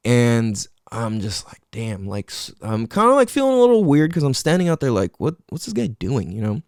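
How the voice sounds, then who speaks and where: A man's voice: mid-range voice, sing-song, a little fast, a little mellow, no echo, studio quality. A man hosting a podcast, telling a story casually and swearing a lot. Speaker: podcast host.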